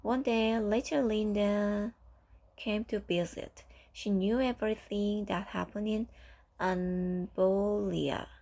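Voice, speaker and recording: Woman narrator, storybook read-aloud, steady and careful, some vocal fry. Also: mid-range voice, slow.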